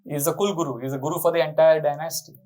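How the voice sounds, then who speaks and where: Animated man telling a sacred story. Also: on the high side, racing, poor audio. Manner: animated, questions the audience. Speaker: spiritual speaker. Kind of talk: storytelling sermon.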